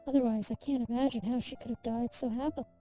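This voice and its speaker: Woman doing a cranky doctor guy, snappy, her voice still high. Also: steady tone, fast, dark tone, faint music behind, close to an everyday voice. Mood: wondering. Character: frustrated male doctor, brusque.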